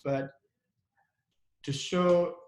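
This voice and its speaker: A man's voice: a little high, steady tone, drawn-out words, a little mellow. Man teaching grammar in an echoey room. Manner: asks and answers his own questions, repeats example sentences with stress. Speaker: English teacher. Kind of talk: classroom grammar lesson.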